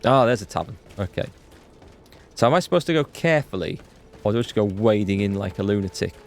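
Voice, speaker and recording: A man hosting a live game playthrough, chatty and excitable, greeting viewers in chat. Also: lowish voice, fast. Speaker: let's play host. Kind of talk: live gameplay commentary. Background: faint game music.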